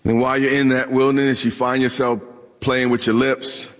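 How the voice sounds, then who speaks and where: A man's voice: medium pitch, little pitch movement, normal speed. A man preaching a sermon, joking with and asking questions of his congregation. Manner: humorous, talks directly to the congregation. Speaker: pastor. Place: church hall with live audience. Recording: long hall reverb.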